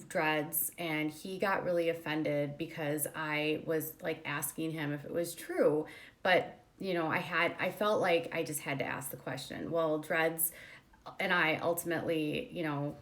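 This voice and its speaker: A young adult woman hosting a commentary channel, telling a story in casual chat, with many fillers, acting out the quoted dialogue. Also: low-pitched.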